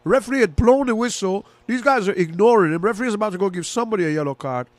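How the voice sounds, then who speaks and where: A man speaks very fast in a high-pitched voice with no echo, giving casual live football commentary and reactions as a fan. He's chatty and excitable, clearly rooting for one side.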